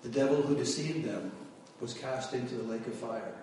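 Male preacher telling his story from the pulpit, mid-pitched, caught by a distant mic in a very echoey hall. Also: normal speed, darkish tone, slight background noise. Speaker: preacher giving testimony. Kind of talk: testimony sermon.

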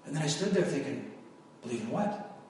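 A man's voice: mid-range voice, very animated, brisk, a little mellow, a little hiss or hum. A man giving his testimony as a sermon, telling his story and raising his voice at its peaks. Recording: echoey hall from far off.

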